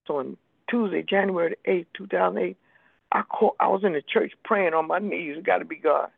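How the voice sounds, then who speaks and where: A woman's voice: fairly low pitch, fairly quick, vocal fry, breathy edge, no room sound. An older woman telling her recovery story as personal testimony, emphatic and acting out the people she quotes. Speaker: speaker sharing a recovery story. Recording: tinny phone-like radio recording.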